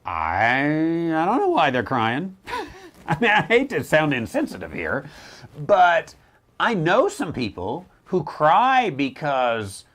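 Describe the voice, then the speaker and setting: Wry, animated middle-aged male theologian. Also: a little high, measured pace. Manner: animated, wry, jumps into mocking voices. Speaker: theologian answering questions. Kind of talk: casual teaching talk.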